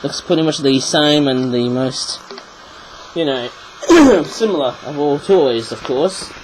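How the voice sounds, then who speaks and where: A fairly high-voiced man reviews toys in a loose, rambling way, stopping now and then to clear a frog from his throat. A faint background hiss sits under his chatty delivery. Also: lively intonation, takes it slowly. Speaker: toy reviewer. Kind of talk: casual video review.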